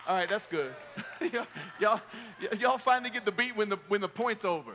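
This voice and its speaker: A man preaching an energetic youth sermon, joking with the crowd and leading call-and-response. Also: sits high, moderate pace, background noise. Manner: playful, joking, rallying the crowd. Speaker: pastor. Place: large hall at a youth camp. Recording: echoey hall.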